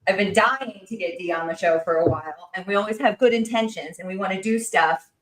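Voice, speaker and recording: A woman hosting a livestream, talking fast and excitedly with lots of fillers and restarts. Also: mid-range voice, reverberant, rough recording. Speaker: livestream host. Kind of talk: casual chat.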